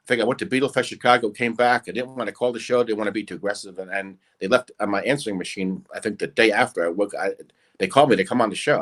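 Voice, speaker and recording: A man's voice: lowish voice, fast, a bit bright. Rambling guest impressionist, a man. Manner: rambling, hesitant, many fillers. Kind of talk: casual interview chat.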